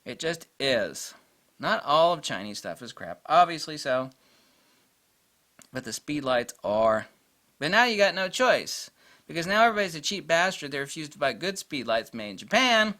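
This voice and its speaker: Man ranting bluntly with lively swings. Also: a little high, moderate pace. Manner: blunt, profane, emphatic ranting. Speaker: photography channel host. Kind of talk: ranting vlog monologue.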